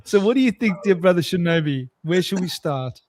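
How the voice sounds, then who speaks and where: A man with a somewhat high voice hosts a loose podcast conversation. He rambles, stumbles over his words and chuckles between thoughts. The sound is dry and close, with no room around it. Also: animated, brisk, darkish tone, no room sound. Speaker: podcast host. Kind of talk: casual chat.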